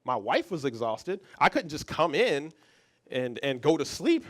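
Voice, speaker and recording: A man who is a psychologist, giving a motivational talk as a lively story, often restarting and repeating words. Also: on the high side, measured pace. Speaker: psychologist and speaker.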